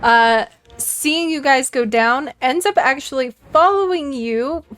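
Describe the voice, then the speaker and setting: Bright-voiced woman running a tabletop game. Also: high voice, slow, faint music behind. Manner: chatty, giggly narration with fillers. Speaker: dungeon master.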